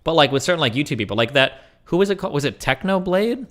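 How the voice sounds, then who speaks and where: A man co-hosting a casual stream chat, thinking out loud in a rambling, speculative way. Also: on the high side, expressive, quick pace. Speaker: stream co-host.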